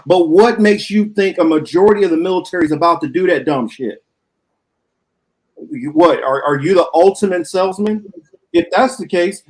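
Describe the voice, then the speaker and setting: A man's voice: fairly high pitch, a little mellow, poor audio. A man co-hosting a political talk show, arguing bluntly and with profanity in a heated debate.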